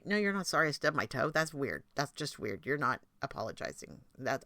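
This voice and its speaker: A middle-aged woman talks through her podcast in a candid, chatty way, poking fun at herself as she goes. Her voice is bright and forward. The recording is dry and close, with no room sound. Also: deep voice, sing-song, brisk, dry recording. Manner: chatty and candid, self-deprecating asides. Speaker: podcast host. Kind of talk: casual monologue.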